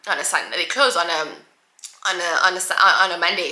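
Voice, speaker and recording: A young woman ranting casually to camera in a vlog, exasperated and animated, stumbling over restarts and repeated words. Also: lowish voice, a little fast. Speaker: vlogger. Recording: roomy echo.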